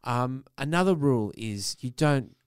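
A middle-aged man co-hosting a comedy podcast, telling a story in a mock-grumpy, animated way. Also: medium pitch, unhurried, clean tone, no echo, studio quality. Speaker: podcast co-host. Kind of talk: casual comedic chat.

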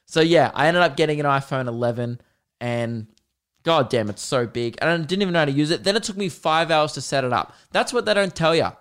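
A man's voice: a little high, animated, fairly quick, fairly bright tone, clean tone. A man hosting a podcast alone, telling an exasperated and sarcastic story in a casual rant. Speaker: podcast host.

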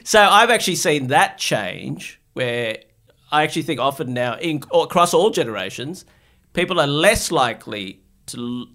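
A man's voice: fairly high pitch, animated, moderate pace, bright, forceful tone. A middle-aged man from Bangladesh, a guest in a casual chat, talking in thoughtful, reasoned points. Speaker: guest psychiatrist.

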